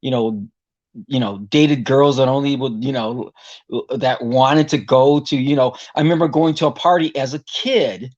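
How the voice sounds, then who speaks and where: A man's voice: medium pitch, moderate pace, a little mellow. Guy rambling thru an old story, you know you know, dull lo-fi sound. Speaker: guest vocalist. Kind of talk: casual interview storytelling.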